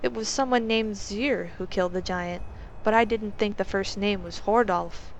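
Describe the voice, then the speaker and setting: A woman voicing a stern, probing male guard captain who asks measured questions. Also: medium pitch, a little hiss or hum, close to an everyday voice, rough recording.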